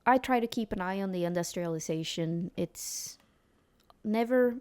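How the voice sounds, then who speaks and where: A woman doing a sincere man of science, measured, careful, plain-voiced. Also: medium pitch, darkish tone, clean tone, lightly acted. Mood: earnest. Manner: measured, vague.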